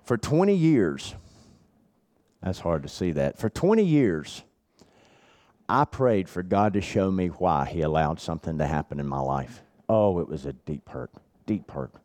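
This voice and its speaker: A middle-aged man preaching at a men's retreat, telling a personal story with earnest repetition, dropping his voice low and then building it back up. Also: big pitch swings, moderate pace, a little mellow. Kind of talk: sermon.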